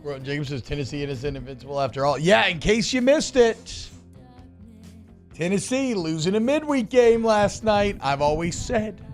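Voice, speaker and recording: A man's voice: sits high, normal speed, faint music behind. A man co-hosting a sports radio show, talking in brash, joking banter and trash talk.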